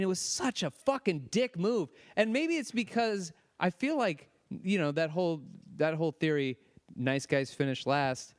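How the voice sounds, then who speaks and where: A young man co-hosting a podcast, telling an animated story and acting out quotes in a casual rant. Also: on the high side. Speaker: podcast co-host. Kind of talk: casual ranting chat.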